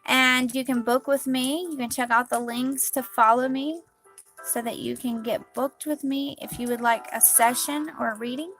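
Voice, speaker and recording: A high-pitched woman leads a live spiritual card reading in a gushing, dreamy, quirky way. Faint music plays softly behind her. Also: steady tone, normal speed.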